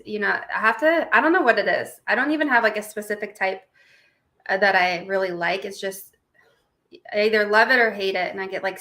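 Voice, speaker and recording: Hosting a live stream while she recovers from surgery, a bright young woman with a medium-pitched voice chats and giggles. She reads viewer comments and greets people by name in a casual way.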